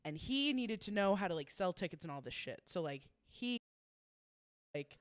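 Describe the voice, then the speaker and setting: A woman's voice: on the low side, animated, moderate pace, clean tone, dry recording, studio quality. A young woman co-hosting a podcast, chatting casually and telling stories bluntly, with plenty of swearing and laughter. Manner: blunt, profane, laughing storyteller. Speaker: podcast co-host. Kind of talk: casual chat.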